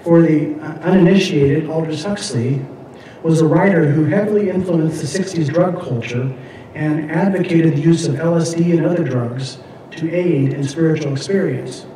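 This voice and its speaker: Halting male teacher in an echoey room. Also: a little high, mellow, a little hiss or hum. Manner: halting, frequent fillers and restarts. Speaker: Bible class teacher. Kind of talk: classroom lecture with scripture readings. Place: classroom. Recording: echoey room, mic at a distance.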